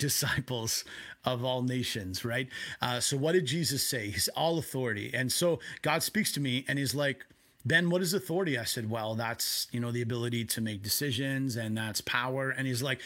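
A man preaching a sermon from home in a conversational way, with quick asides. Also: mid-range voice, fairly bright tone. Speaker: pastor.

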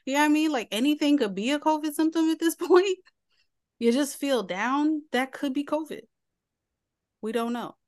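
Animated Philly woman in her thirties. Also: high-pitched, normal speed. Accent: Philadelphia. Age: 30s. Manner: animated storytelling, laughs often. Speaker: podcast co-host. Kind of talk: casual chat.

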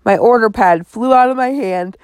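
A woman reading a children's novel aloud in a measured storytelling manner. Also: fairly high pitch, a little mellow, clear, resonant tone, dry recording. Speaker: audiobook narrator.

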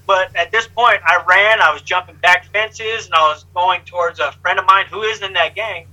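Guy with a pretty high, really bright voice, telling his life story straight up, street slang, swears a bit. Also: normal speed, hardly any pauses, low-quality recording. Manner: lively, acts out other people's lines. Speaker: interview guest. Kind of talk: candid life story told in conversation.

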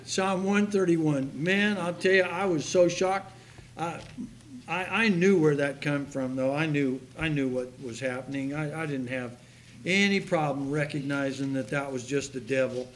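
A man preaching a sermon to his congregation, telling a story with animated delivery that rises to near-shouts. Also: on the high side, normal speed, a little hiss or hum. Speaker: pastor. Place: church sanctuary.

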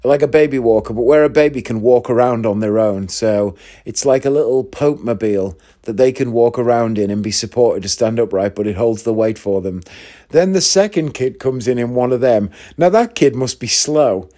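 A man in his thirties from northeast England, a comedian spinning a long personal anecdote. He talks casually and chattily, breaking off for asides to his listeners. His voice sits at an ordinary middle pitch for a man. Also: moderate pace, warm tone. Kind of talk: casual storytelling.

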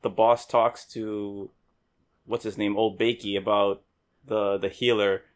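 Lower-voiced man recounting a plot. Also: little pitch movement, unhurried. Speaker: podcast co-host. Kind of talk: casual movie review chat.

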